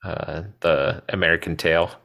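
A man's voice: low voice, fairly even intonation, a little slow, vocal fry, pushed and bright. A man co-hosting a movie podcast, talking casually and rambling with many fillers and restarts. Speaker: podcast co-host.

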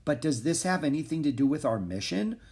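Brief: man doing a nervous, practical storybook boy, quick to object. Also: a little high, very animated, a little mellow, voice pushed up. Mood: earnest. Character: cautious worried young boy, Jack.

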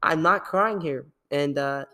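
A young man hosting a podcast, talking casually in a rambling, animated way and laughing often. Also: a little high, measured pace. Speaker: podcast host.

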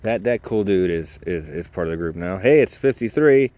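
A man with a low, dark, expressive voice hosts his own podcast as a casual solo monologue at a moderate pace. He rambles and jokes at his own expense, and the recording is dry.

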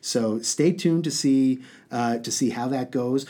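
A man's voice: mid-range voice, measured pace, warm tone. Teacher guy reading a book aloud then chatting about it, casual and playful. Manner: casual, upbeat, playful asides with fillers.

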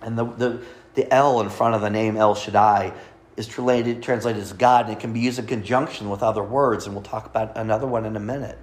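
A man's voice: on the low side, steady tone, a little fast. Guy giving a sermon, teaching style, reads verses, cracks small jokes. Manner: teaching, reading scripture aloud, light asides. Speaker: preacher.

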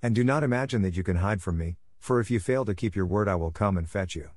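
A grim, stern beast from a storybook, read by a man. The voice sits low, and the lines come out measured and threatening. It sounds dry and close, with no room around it. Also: a little mellow, no room sound, lightly acted. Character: frightful angry male beast, grim and stern.

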